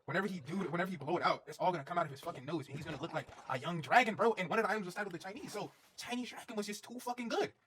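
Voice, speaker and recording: A man's voice: high-pitched, racing, hardly any pauses, a bit bright, a little hiss or hum. A young man streaming, telling a rambling, profane story in a casual way and repeating himself as he goes.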